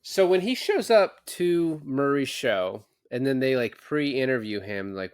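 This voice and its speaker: A man's voice: medium pitch, animated, measured pace, hardly any pauses, clear, resonant tone. A man co-hosting a podcast, chatting casually about a film and laying out his opinions point by point. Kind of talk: casual film discussion chat.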